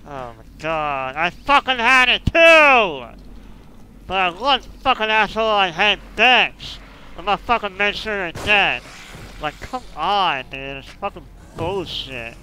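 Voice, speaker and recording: A frustrated man commentating his gameplay, swearing constantly and swinging between muttered complaints and yelling outbursts. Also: sits high, expressive, unhurried, a little hiss or hum, rough recording. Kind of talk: raging let's-play commentary.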